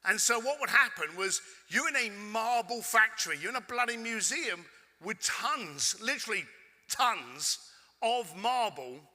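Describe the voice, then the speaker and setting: Animated Londoner telling a story on stage. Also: male voice, sits high. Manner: animated, cheeky, swears casually. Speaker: keynote speaker. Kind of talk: storytelling keynote. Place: conference hall stage with audience. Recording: echoey hall with long reverb.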